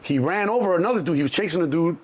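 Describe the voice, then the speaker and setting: Man, 60s, Chicago accent, husky, slightly high voice; lively raconteur who re-enacts every character. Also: rapid-fire. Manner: animated storyteller, acts out quoted voices, many restarts. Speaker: interview guest. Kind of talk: casual storytelling interview.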